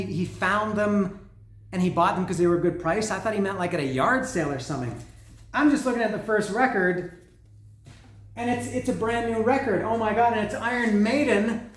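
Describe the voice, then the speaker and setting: Excitable man rambling, echoey room. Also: high voice. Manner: rambling, excitable, swears freely, many restarts. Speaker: vinyl record vlogger. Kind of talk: casual unboxing vlog. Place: lives in Mexico.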